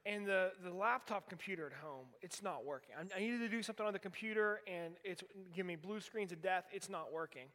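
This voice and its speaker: A pastor of about forty preaches in a church sanctuary, telling a candid personal story with self-deprecating humor. His voice is high and a bit bright, and he talks fast with hardly any pauses, while the church adds long hall reverb.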